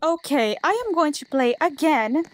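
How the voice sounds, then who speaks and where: High-voiced woman narrating a horror game. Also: lively intonation, normal speed, noisy background. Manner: chatty, jumpy, talks to herself. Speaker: gamer. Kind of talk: let's play commentary.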